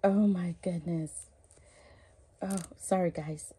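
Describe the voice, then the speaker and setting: Woman, casual vlog, slow drawn-out gushing, cooing, water dripping behind. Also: fairly low pitch, steady tone, mellow, slightly rough. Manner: gushing, cooing over dolls, keeps repeating "oh my goodness". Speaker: reborn doll collector vlogger. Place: home, bathing dolls.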